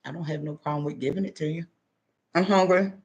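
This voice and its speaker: High voiced guy on a home live, tired, chatty, talking with food in his mouth. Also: fast, darkish tone. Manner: chatty, loose, eats while talking. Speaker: livestream host. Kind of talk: casual livestream talk. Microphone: computer.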